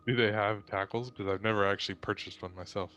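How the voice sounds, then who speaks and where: A man's voice: on the low side, fairly even intonation, fast talker, fairly bright tone, highs cut off, a little hiss or hum. A man playing in a tabletop game, asking rules questions hesitantly. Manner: hesitant, many fillers. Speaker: player.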